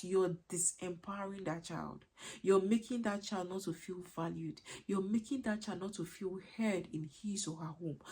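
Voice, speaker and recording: A woman's voice: mid-range voice, mellow, breathy edge. A woman giving earnest parenting advice as a coach, emphatic, repetitive and a little preachy.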